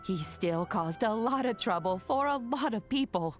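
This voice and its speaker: An actress playing a wise, stern elderly grandmother in a video game, speaking in a calm, measured way. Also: mid-range voice, soft background music, close to an everyday voice. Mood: scolding.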